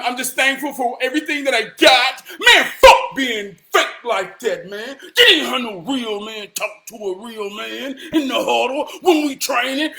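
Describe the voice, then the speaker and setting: A man giving motivational straight talk in slang, emphatic and preachy, repeating lines and swinging from shouts to hushed tones. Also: very high-pitched. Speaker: motivational vlogger.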